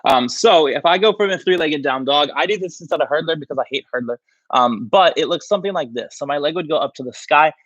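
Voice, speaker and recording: Slightly high-voiced, breathless yoga teacher. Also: male voice, fast talker, fairly bright tone, no echo, muffled recording. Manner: counts down holds, casual and chatty. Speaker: yoga instructor. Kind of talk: livestream yoga class cueing. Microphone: livestream mic.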